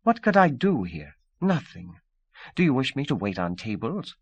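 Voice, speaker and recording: A man's voice: mid-range voice, lively intonation, normal speed, no room sound, lightly acted. A man voicing a proud young woman who speaks in a formal, stiff way. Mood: indignant. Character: proud young Russian woman, imperious then charming.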